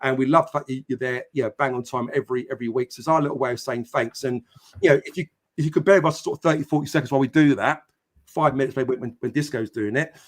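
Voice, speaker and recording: A man's voice: medium pitch, fairly even intonation, fast. A man hosting a live football podcast stream, chatting casually with many fillers and greeting viewers by name. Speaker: podcast host.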